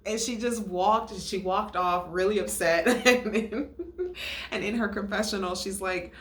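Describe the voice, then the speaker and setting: A young woman hosting a casual recap, lively and quick to laugh, acting out what others said in a higher voice. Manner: animated, acts out quotes in a higher voice, laughs often. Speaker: podcast host reviewing a reality show. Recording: echoey room.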